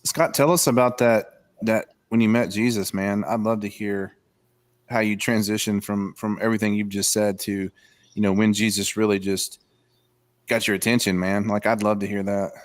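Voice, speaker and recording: A man hosting a podcast, soft-spoken, asking his guest to tell his story. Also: lowish voice, fairly even intonation, normal speed. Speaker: podcast host. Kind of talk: interview questions.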